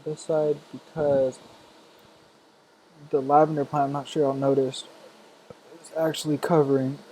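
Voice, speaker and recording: A man's voice: a little high, flat delivery, unhurried, warm tone, a little hiss or hum, low-quality recording. A young man chatting casually and playfully while streaming a life-sim game, with sassy, dramatic asides to his viewers. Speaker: Sims gameplay streamer. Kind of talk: casual live-stream chat over gameplay.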